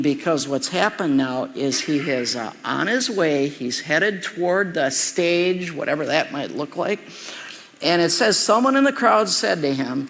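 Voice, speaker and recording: Gravelly bright-voiced man preaching in a hall. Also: sits high. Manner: conversational preaching with asides and repeated words. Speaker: pastor. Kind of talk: sermon.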